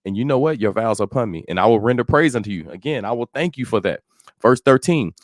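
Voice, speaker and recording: A man's voice: mid-range voice, lively intonation, fast talker, dry recording, clean studio sound. A man teaching verse by verse through a psalm in a conversational way, often asking "you know what I'm saying". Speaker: Bible teacher. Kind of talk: casual verse-by-verse Bible teaching. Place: church, dry sound.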